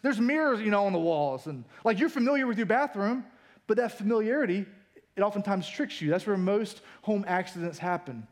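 Male pastor preaching, pretty high voice, casual and fired up, climbs up when he hits a point. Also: fairly quick. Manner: energetic, colloquial, builds up in pitch for emphasis. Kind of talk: sermon.

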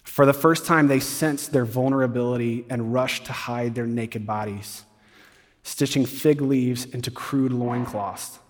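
Male campus pastor, casual sermon delivery with asides, average pitch, long reverb. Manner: conversational, animated retelling with quick asides.

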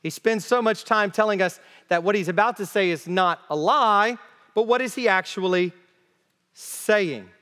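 A man preaching an expository sermon, emphatic and deliberate, repeating key phrases to drive them home. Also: high-pitched, bright, forceful tone, clean tone. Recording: long reverb of a large hall.

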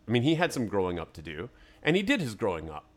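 A man's voice: fairly low pitch, wildly swooping pitch, fast talker. A man co-hosting a podcast in a studio, thinking aloud and arguing his take on a film in casual chat. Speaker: podcast co-host. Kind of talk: casual movie review chat.

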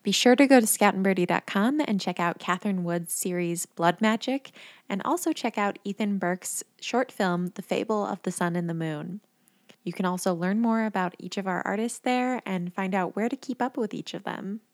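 A woman's voice: medium pitch, normal speed, no room sound, studio quality. A woman co-hosting a podcast, reading a friendly scripted outro. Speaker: podcast co-host.

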